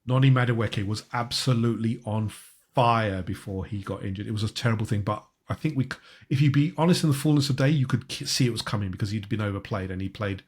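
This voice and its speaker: A man's voice: on the low side, quick pace, husky. A man hosting a casual football podcast, stopping and restarting his sentences often. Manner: hesitant, many restarts and self-corrections. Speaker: podcast host.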